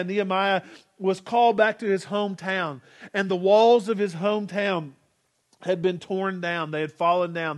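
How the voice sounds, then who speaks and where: With a high voice and an earnest, urging manner, a man in his forties preaches as a pastor. He has the congregation repeat phrases after him.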